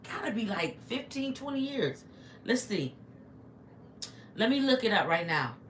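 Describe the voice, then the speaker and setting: A woman's voice: on the high side, sing-song, unhurried. A middle-aged woman chatting casually on a livestream from home, talking to viewers while eating. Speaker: livestream vlogger. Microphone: phone. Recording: echoey room with faint noise.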